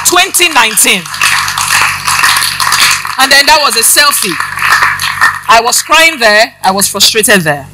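A woman's voice: on the high side, big pitch swings, measured pace, long pauses, very noisy. A woman preaching, giving a personal testimony and addressing the congregation directly with questions.

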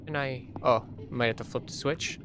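A man's voice: mid-range voice, brisk, over music. A man commentating his own horror game playthrough, jumpy and swearing when startled, reading notes aloud. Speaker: let's play gamer.

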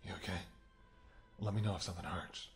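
A man voicing a protective male bodyguard who is anxious and tender toward his lover, in a soft, gently scolding whispered role-play. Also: sits low, fairly even intonation, fast talker, creaky. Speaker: voice actor.

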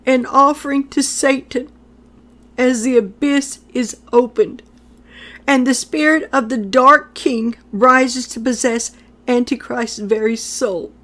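A woman's voice: high-pitched, fairly even intonation, takes it slowly, a bit bright. A woman delivering a prophetic message in a solemn, declamatory way, repeating phrases for emphasis. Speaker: prophetic speaker.

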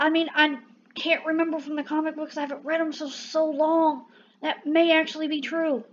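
A woman's voice: high-pitched, dull audio. A young woman, chatting casually and gushing playfully as a movie reviewer on her own channel.

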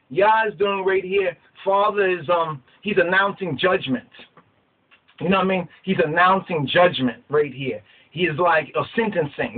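A man teaching scripture with passion, in a streetwise preaching manner, often asking his listeners if they understand. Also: a little high. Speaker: Rastafari teacher. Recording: tinny phone-like audio.

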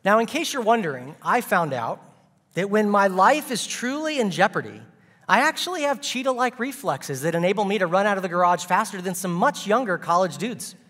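A man's voice: high-pitched, animated, a little fast, fairly bright tone, long reverb tail. A man preaching a sermon as a guest speaker, telling a funny story with playful asides and comic timing.

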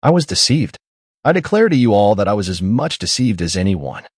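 A man voicing a humiliated gentleman who protests hotly and formally in an audiobook. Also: lowish voice, very animated, fairly quick, slightly rough, dry recording, studio quality. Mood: indignant. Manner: heated, stiff, formal. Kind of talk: audiobook character reading.

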